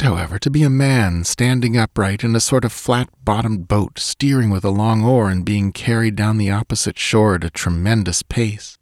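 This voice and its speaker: A man reading a story aloud, measured and deliberate. His voice is fairly low. The recording is dry and close, with no room echo. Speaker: audiobook narrator. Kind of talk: scripted story narration.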